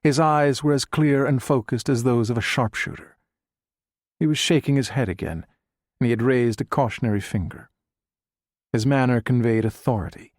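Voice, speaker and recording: Reading a scripted audiobook, a medium-pitched male narrator keeps his storytelling steady and measured. The recording is clean studio sound with no echo.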